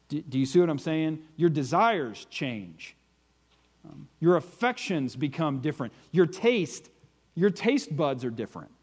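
A man's voice: mid-range voice, husky. A man teaching an informal sermon, earnest and searching for words, often asking whether listeners follow. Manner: earnest, searching for words, often checks "do you see what I'm saying". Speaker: Christian teacher.

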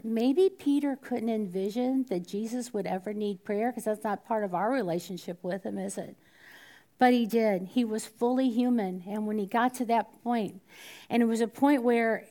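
A woman's voice: a little high, moderate pace, mellow. A woman teaching a Bible study in a conversational way, asking the group questions and sometimes dropping to a whisper. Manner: conversational, drops to a whisper at times, asks the room questions.

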